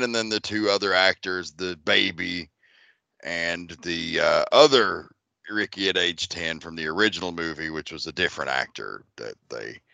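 A man's voice: low-pitched, vocal fry, bright, forceful tone, dry recording. A man hosting a movie podcast, running through the cast and credits in a laid-back, profane casual chat. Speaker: podcast host.

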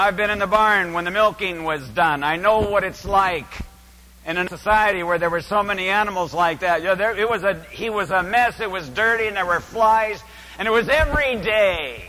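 An older man from California's San Joaquin Valley preaching a sermon as a story, with dramatic swings from hushed to loud. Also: sits high. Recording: reverberant hall.

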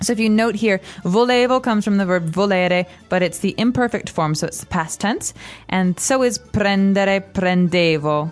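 A woman's voice: medium pitch, moderate pace, hardly any pauses, faint music behind. A woman co-hosting a language podcast, patiently explaining Italian grammar to learners.

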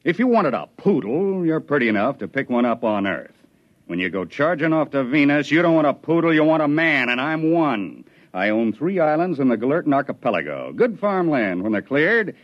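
A cocky, plainspoken Venusian frontiersman, drawling with a lively, swinging pitch. It sounds like a dull, muffled 1950s radio broadcast. He is blunt and sure of himself throughout. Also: normal speed. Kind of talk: 1950s radio drama acting.

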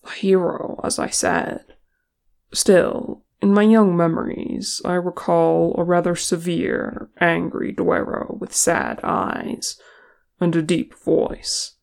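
A reader voicing a gruff, teasing male dwarf warrior who is tired and speaks bluntly, with a grumbling manner. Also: medium pitch, little pitch movement, slow.

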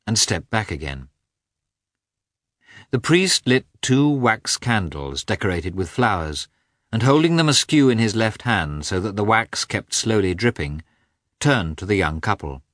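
Deep-voiced man narrating a classic novel. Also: no echo, studio quality. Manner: measured, even literary reading. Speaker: audiobook narrator.

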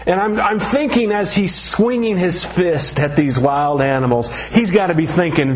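A man's voice: sits high, normal speed, few pauses. A man preaching a sermon as pastor, talking casually and joking as he tells the story.

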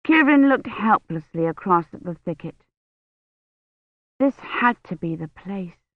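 Woman reading a novel aloud, slow and measured, dry dull recording. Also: medium pitch, lively intonation, dry recording. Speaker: audiobook narrator. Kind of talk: scripted narration.

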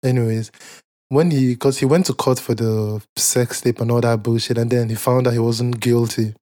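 A man's voice: medium pitch, steady tone, moderate pace, dark tone. A man co-hosting a podcast, telling stories in casual chat with lots of swearing and fillers. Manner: profane, rambling storytelling with frequent fillers and laughs. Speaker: podcast co-host.

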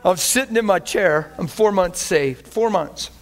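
A man preaching a sermon, telling a personal testimony in an animated way, often laughing as he speaks. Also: high-pitched, unhurried. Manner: animated, laughing testimony with sudden shifts between hushed and excited. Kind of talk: sermon storytelling.

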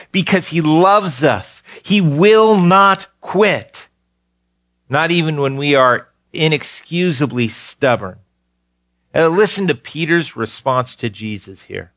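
Earnest and emphatic, this pastor repeats key phrases throughout his sermon, building urgency before dropping into quiet, low tones. The sound is dry, studio-quality recording.

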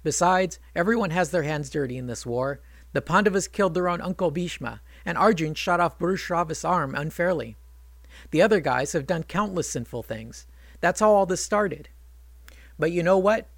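A man's voice: fairly high pitch, lively intonation, moderate pace, dry recording. A man voicing a proud, indignant warrior prince who argues and lectures, in a spoken storytelling retelling. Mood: defensive. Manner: argumentative, lecturing.

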